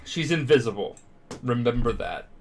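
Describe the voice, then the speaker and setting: A man's voice: medium pitch, animated, normal speed. Drunk man rambling a profane recap. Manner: profane, rambling, acts out characters in silly voices. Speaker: podcast host. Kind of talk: drunk comedic recap with voices.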